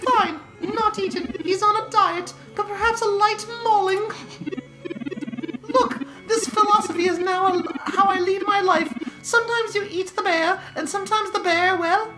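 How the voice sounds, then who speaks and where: A wry, motherly older scientist with a very high, bright voice, as a woman reads her lines. She teases in a dry, mock-stern way. Game music plays underneath. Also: steady tone, moderate pace, low-quality recording.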